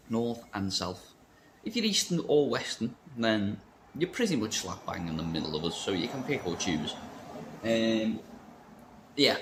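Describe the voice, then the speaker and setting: With a faint hiss or hum in the recording, a lowish-voiced man rambles casually in his vape shop vlog. He works at the shop and keeps cracking self-mocking jokes.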